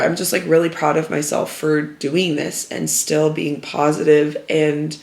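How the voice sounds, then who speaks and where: A woman's voice: low-pitched, roomy sound. A young woman vlogger telling a personal story to camera, open and earnest, with lots of fillers.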